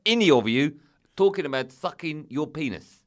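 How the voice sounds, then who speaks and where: A man's voice: a little high, lively intonation, normal speed, voice pushed up, lightly acted. A man doing a stern, humourless male South African agent in a put-on South African accent. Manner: curt, insistent.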